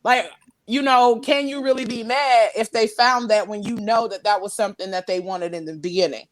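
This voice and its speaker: A woman's voice: a little high, fairly even intonation, normal speed, no echo. A woman hosting a podcast in casual livestream chat, slangy and candid, laughing often as she reads comments. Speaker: podcast host.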